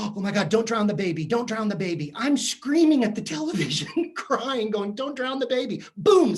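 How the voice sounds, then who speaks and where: A man giving a comedic motivational talk to teachers, animated and jokey, often asking the audience questions. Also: sits high. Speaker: keynote speaker for teachers. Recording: virtual session.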